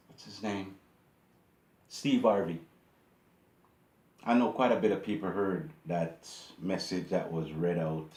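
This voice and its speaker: A man's voice: deep voice, darkish tone. Indignant man ranting in an echoey room. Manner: indignant, preachy, repeats himself. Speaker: YouTube channel host. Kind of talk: casual commentary monologue.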